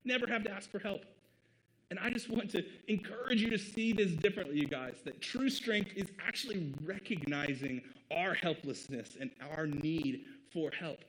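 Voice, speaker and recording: A man's voice: fairly high pitch, expressive, moderate pace, few pauses, fairly bright tone, rough recording. Earnest, conversational man preaching a sermon. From American Midwest. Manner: conversational and earnest, with emphatic rhetorical questions. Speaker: pastor.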